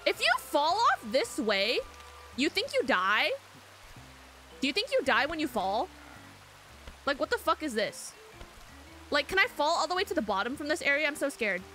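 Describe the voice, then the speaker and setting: A woman's voice: sits high, sing-song, moderate pace, pauses often, bright, forceful tone, soft background music. A young woman streaming a game, reacting jumpily, swearing, shrieking and reading chat aloud. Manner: jumpy, swears a lot, frequent shrieks.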